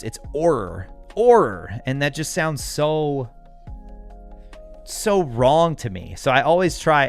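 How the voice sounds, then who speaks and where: This livestream host from the United States talks in a mid-range, slightly bright voice. He keeps things casual, responding to viewers' comments and chuckling often.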